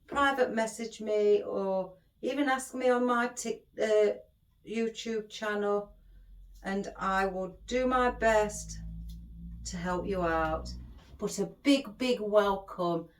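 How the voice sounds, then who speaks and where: Woman, middle-aged, craft tutorial host, chatty and rambling, unhurried, roomy echo. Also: mid-range voice. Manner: rambling, chatty, affectionate toward viewers. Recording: echoey room.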